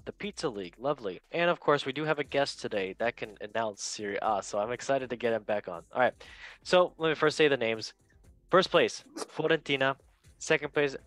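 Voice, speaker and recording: A man's voice: medium pitch, fairly bright tone, no echo. A young man hosting a casual sports podcast, chatty and enthusiastic with plenty of slang. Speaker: podcast host.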